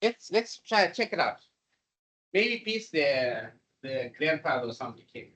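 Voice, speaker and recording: A man giving a classroom programming lecture, animated and repetitive as he coaxes his students along. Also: fairly high pitch, measured pace. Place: lecture room. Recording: voice distant from the mic.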